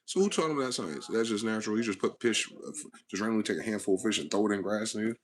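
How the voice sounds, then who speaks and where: Speaking fast in a lowish register, this man hosts a channel and launches into a ranting monologue. It's profane and combative, and he badgers his audience with one rhetorical question after another.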